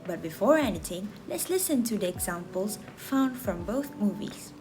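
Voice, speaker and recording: A woman student from Malaysia reading a class presentation aloud in a slow, careful, deliberate way. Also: mid-range voice, sing-song, over music.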